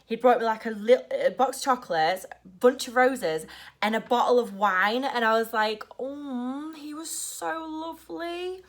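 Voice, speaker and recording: A young woman telling a story in a casual vlog, rushed and nervous, saying "like" constantly. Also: on the high side. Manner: rushed and nervous, heavy use of "like". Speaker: vlogger.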